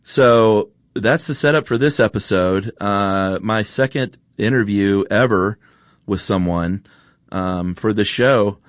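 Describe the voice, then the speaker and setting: A man's voice: lowish voice, takes it slowly, no echo, studio quality. A man, hosting a podcast and telling a story casually, with many fillers and restarts. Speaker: podcast host. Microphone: studio microphone.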